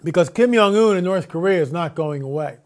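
A man's voice: high voice, expressive, a little fast. A man hosting a radio talk show, speaking emphatically with repetitions and rhetorical questions. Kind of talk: casual monologue on air.

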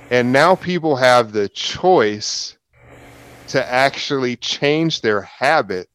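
A man with a smooth, resonant voice leads a group discussion, explaining his points at length and checking in with the others. The sound is dry and close. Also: medium pitch, fairly bright tone, no echo. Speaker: host.

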